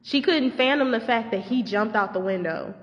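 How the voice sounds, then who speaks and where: A woman who is a teacher tells a storytime vlog, talking expressively, swearing, and acting out what people shouted. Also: a little high, normal speed. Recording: echoey, dull lo-fi audio.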